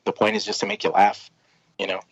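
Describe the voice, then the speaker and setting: A man's voice: lowish voice, level tone, brisk, a crowd in the background, poor audio. A man, a comic book creator, chatting casually as a podcast guest, rambling with lots of fillers and restarts.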